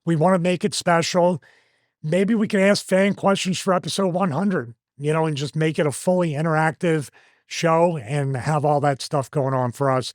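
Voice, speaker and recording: A man's voice: on the high side, moderate pace, no room sound. A man with a Philadelphia accent hosting a podcast in casual chat, jokey and rambling. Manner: jokey, rambling, self-mocking. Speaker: podcast host.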